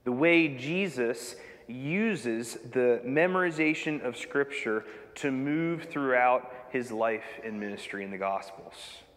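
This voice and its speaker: A man preaching a sermon as pastor, reading scripture with measured delivery and dramatic emphasis on quoted lines. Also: mid-range voice, a bit bright. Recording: long hall reverb.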